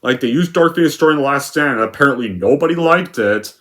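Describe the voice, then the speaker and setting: A man's voice: mid-range voice, expressive, quick pace, a bit bright. A young man giving a sarcastic, profane, rambling movie rant with lots of filler words. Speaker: movie reviewer.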